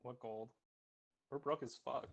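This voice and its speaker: A man's voice: mid-range voice, steady tone, measured pace, creaky, muffled recording. A man playing an online tabletop game, making jokes and rambling in casual banter. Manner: jokey, rambling. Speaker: player.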